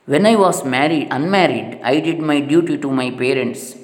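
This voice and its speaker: A man voicing a calm, wise ordinary housewife who gently admonishes, read aloud in a storybook reading. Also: fairly high pitch, moderate pace, close to an everyday voice. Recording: echoey hall with long reverb.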